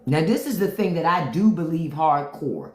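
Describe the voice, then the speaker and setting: A woman's voice: sits low, lively intonation, moderate pace, darkish tone, roomy sound. A woman hosting a casual livestream, talking bluntly and profanely and answering viewer comments. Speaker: livestream host.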